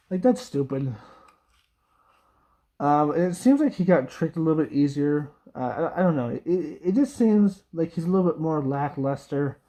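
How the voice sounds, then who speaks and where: Mellow-voiced young man rambling a review. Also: fairly high pitch. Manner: rambling, frequent fillers, laughs, mock quoting voices. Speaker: video reviewer. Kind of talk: casual spoken review.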